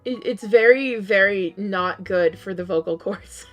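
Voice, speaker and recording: A woman game streamer chatting casually with her live chat while she plays. Her voice is worn and strained because she is losing it. She answers chat and often jumps up into high, disbelieving outbursts. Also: a little slow, soft background music.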